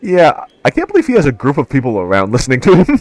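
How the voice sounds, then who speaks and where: A man's voice: medium pitch, wildly swooping pitch, fast, darkish tone, dry recording. A man hosting a let's play, narrating game text with casual wry asides. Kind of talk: game playthrough with read-aloud narration.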